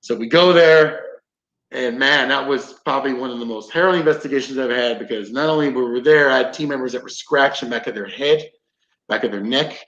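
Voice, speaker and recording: With a mid-range, slightly bright voice moving a little fast, a man tells a story as a podcast guest. A combatives instructor, he keeps it casual with lots of cursing and acted-out lines, and the lo-fi sound is roomy and dull.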